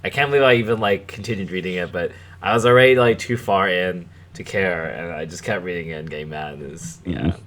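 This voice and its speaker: A man's voice: sits low, a little fast, hardly any pauses, a bit bright. A young man hosting a podcast, rambling and swearing through a story in casual chat, with frequent chuckles. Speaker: podcast host.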